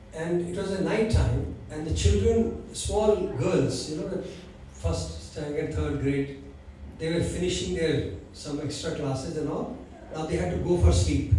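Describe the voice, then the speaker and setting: A man telling anecdotes to an audience, animated and acting out the dialogue. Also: high-pitched, a little hiss or hum. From India. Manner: animated, acts out quoted dialogue, laughs at his own stories. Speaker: values speaker. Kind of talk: anecdotal storytelling talk. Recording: very echoey hall, distant mic.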